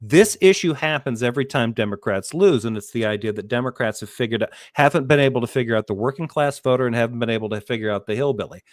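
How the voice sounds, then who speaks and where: A man's voice: medium pitch, quick pace, few pauses, no echo, clean studio sound. A man on a panel chat, ranting and swearing hard as he gets more worked up. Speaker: panel guest. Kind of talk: heated casual chat.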